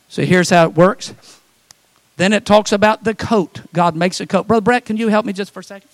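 A middle-aged male pastor preaching a sermon, animated, acting out quoted voices and joking with the congregation. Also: sits high, brisk, dry recording.

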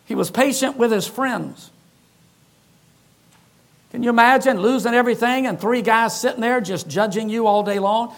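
High-voiced man preaching emphatically. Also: moderate pace, a bit bright. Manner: emphatic, repetitive preaching with light humor. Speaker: pastor. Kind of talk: sermon.

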